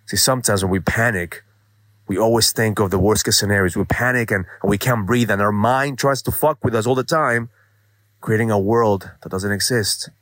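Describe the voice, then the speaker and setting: A man in his forties gives a motivational monologue in an earnest, emphatic manner, dropping the odd swear word. His voice sits on the low side. The recording is dry and close, with no room sound. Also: normal speed, fairly bright tone, no room sound. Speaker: motivational show host.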